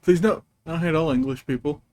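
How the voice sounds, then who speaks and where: A man's voice: on the high side, fast talker, darkish tone, dry recording. Rambling, amused male game streamer. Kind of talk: casual chat while gaming.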